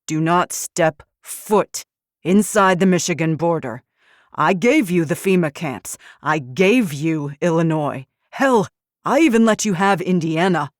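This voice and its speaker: A man's voice: a little high, no room sound, clean studio sound. A woman voicing a seething, commanding general. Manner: spits orders through gritted teeth. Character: ruthless proud general, tightly controlled rage.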